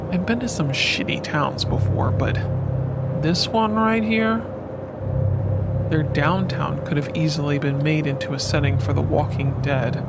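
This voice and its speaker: A man narrating a scripted horror story in a measured, deliberate way. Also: fairly high pitch, creaky, heavy background noise. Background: loud music.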